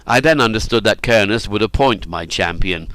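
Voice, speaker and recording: A man reading an audiobook in scripted narration, measured and deliberate. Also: on the low side, expressive, a bit bright, no room sound.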